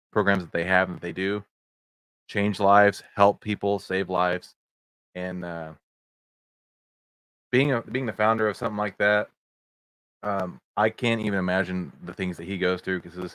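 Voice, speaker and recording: A man's voice: low voice, fairly bright tone, smooth. A middle-aged man hosting a casual livestream podcast over video chat, rambling with many fillers and greeting viewers in the chat. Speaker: podcast host. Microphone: video chat setup.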